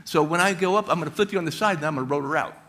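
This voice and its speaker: A man's voice: fairly high pitch, very fast, pushed and bright. A man playing a cocky daredevil pilot. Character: brash daredevil male helicopter pilot, cocky.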